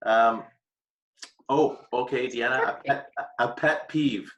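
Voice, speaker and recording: A man hosting a casual quick-question chat with colleagues, playful and teasing. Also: medium pitch, a bit bright, highs cut off. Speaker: host.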